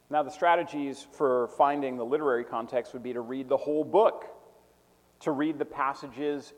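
A man teaching a preaching class, defining terms methodically and repeating them slowly so students can take notes. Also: mid-range voice, in a large hall. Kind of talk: classroom lecture.

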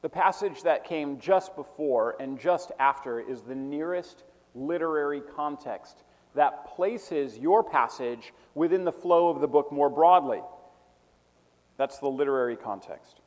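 A man teaching a preaching class, defining terms methodically and repeating them slowly so students can take notes. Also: fairly high pitch, darkish tone, big-room sound. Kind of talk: classroom lecture.

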